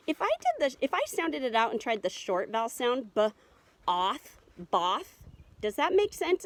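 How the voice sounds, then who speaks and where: A woman teaching a remote reading lesson to first graders, patient and encouraging as she sounds out words. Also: on the high side.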